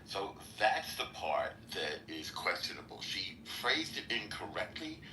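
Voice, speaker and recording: Male guest, very deep voice with a sharp, forceful edge; measured and halting; echoey room. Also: very animated, recorded from a distance. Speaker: podcast guest. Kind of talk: political discussion. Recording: echoey room, faint noise.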